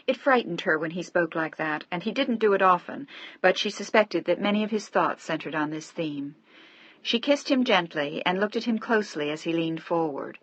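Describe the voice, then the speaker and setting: A woman narrating a romance novel in a measured, steady audiobook reading. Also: fairly low pitch, no echo. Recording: dry, slightly dull audio.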